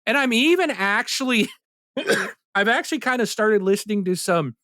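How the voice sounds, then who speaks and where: A man's voice: sits high, very animated, measured pace, pauses often, bright, forceful tone, no echo, clean studio sound. A man co-hosting a gaming podcast, ranting in a heated, indignant way during a casual chat. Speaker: podcast co-host.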